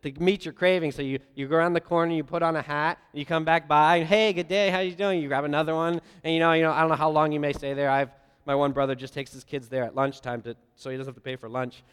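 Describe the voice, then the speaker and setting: Male preacher, fairly high smooth voice, animated storyteller, big echoing sanctuary. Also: fast talker. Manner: lively storytelling with playful voiced asides. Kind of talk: sermon. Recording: long hall reverb.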